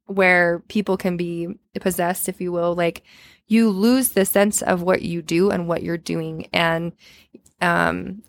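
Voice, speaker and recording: A woman's voice: lowish voice, dry recording, clean studio sound. A woman co-hosting a podcast, casually telling a story with lots of filler words. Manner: chatty, retells a story with many filler words.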